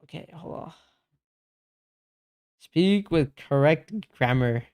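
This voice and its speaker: Slow, smooth-voiced male streamer. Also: medium pitch, animated, a little mellow. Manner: slangy, calls everyone bro; reads and answers chat. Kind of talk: casual livestream chat.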